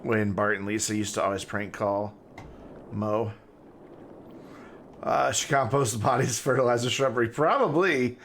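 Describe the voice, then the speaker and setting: A man's voice: medium pitch, normal speed, pauses often, a bit bright, slight background noise. A man streaming a city-building game, joking and rambling as he thinks aloud. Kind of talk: casual gameplay commentary.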